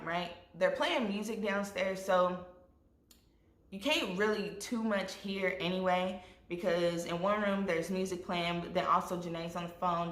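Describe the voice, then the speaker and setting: A young woman vlogger telling a storytime with lively asides to her viewers, acting out what people said. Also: fairly low pitch. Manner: animated, addresses viewers as y'all, acts out quotes. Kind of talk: storytime vlog. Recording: echoey room.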